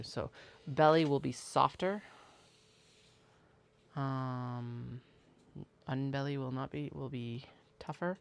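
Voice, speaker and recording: Gravelly maker muttering while cutting. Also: medium pitch, background noise. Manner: mutters, counts aloud, thinks out loud. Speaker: craft maker livestreaming at work. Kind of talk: casual livestream chat while cutting.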